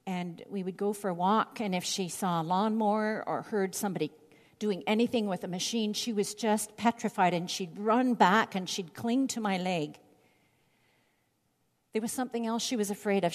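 A middle-aged woman giving Bible teaching, reading scripture aloud and telling stories in an expressive way. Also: medium pitch. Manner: expressive, storytelling delivery. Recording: long hall reverb.

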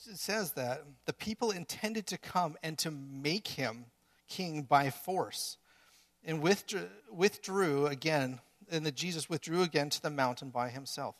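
A man's voice: on the high side, fairly bright tone. A man preaching a sermon in earnest, building to emphatic peaks with some restarts.

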